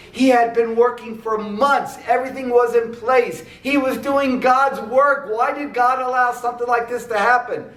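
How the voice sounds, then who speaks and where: A male preacher telling a story in a sermon, animated, with frequent restarts. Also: high-pitched. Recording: echoey room, mic at a distance.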